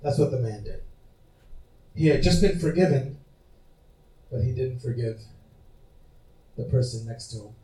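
A male pastor preaching a sermon in an animated, conversational way, often asking his congregation questions. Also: medium pitch. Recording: roomy hall, mic at a distance.

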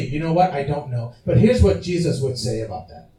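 A male pastor preaching a sermon in an animated, conversational way, often asking his congregation questions. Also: on the high side, brisk. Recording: roomy hall, mic at a distance.

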